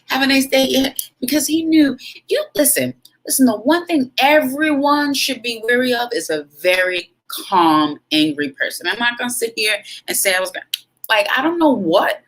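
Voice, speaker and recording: A young adult woman vlogger telling a story casually to camera, frank and animated, with dramatic pauses and asides to her viewers. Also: medium pitch, low-quality recording.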